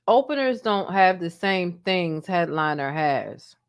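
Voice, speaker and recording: A woman's voice: lowish voice, lively intonation, slow, clear, resonant tone. A woman from Baltimore hosting a casual live-stream commentary, sassy and goofy, sleepy from being up before dawn.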